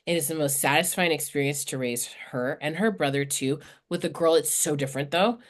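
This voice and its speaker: A woman's voice: low voice, a little fast. A woman in her thirties, a podcast guest talking candidly and swearing freely in casual chat.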